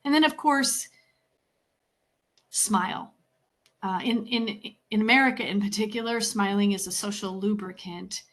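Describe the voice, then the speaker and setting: Measured woman coaching a meeting audience. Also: medium pitch, fairly bright tone. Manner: measured and deliberate, with clear emphasis and pauses; instructive, lists points one by one. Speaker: communication skills coach and presenter. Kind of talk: professional talk to a meeting.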